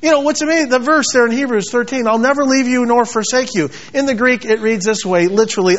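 A man's voice: extremely high pitch, fast, few pauses. A man preaching a sermon with passion, repeating phrases and acting out quoted scripture. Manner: passionate, repetitive, quotes scripture in acted voices. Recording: dull lo-fi sound.

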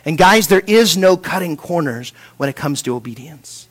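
A man preaching a sermon, asking rhetorical questions and repeating words as he restarts, dropping from a raised voice to a hush. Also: on the high side, expressive, moderate pace. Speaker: pastor.

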